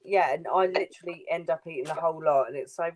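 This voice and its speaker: A woman's voice: low-pitched, fast, darkish tone, slight background noise, poor audio. A woman chatting casually on a live stream from her kitchen, blunt and teasing, swearing freely. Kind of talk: casual chat. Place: home kitchen.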